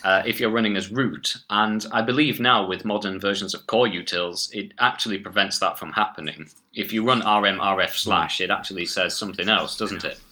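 A man's voice: on the low side, a little fast, few pauses, bright, forceful tone. A man co-hosting a podcast, talking casually and making dry, wry jokes with chuckles. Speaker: podcast co-host. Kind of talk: casual chat.

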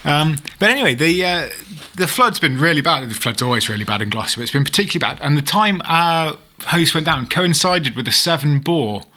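A man's voice: a little high, expressive, a little fast, hardly any pauses, sharp tone. A man co-hosting a podcast, rambling a little and laughing as he talks. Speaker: podcast co-host. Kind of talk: casual chat.

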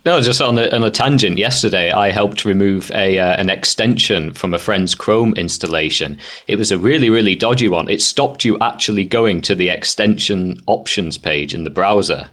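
Male co-host, lowish voice, brisk anecdotal tech chat. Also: a bit bright. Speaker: podcast co-host.

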